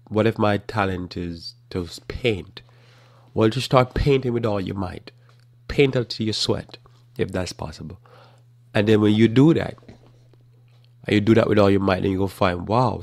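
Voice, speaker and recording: A man with a very low, gravelly voice gives an earnest, conversational sermon. He leans on repetition to drive his points home. The sound is close and dry, with no room around it. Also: no room sound. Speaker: preacher. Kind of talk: casual teaching sermon.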